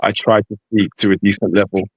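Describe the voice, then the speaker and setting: A man's voice: on the low side, level tone, a little fast, slightly rough, no room sound, rough recording. A man in casual stream chat, talking earnestly and encouragingly, repeating his points.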